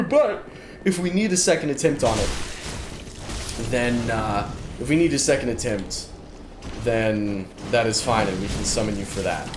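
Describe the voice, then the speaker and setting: Chatty tired male game streamer, roomy. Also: medium pitch. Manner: chatty, self-deprecating, repeats phrases. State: tired, yawning. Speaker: gaming streamer. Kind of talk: casual let's-play commentary. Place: room at a gaming desk with monitors. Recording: roomy sound with background noise.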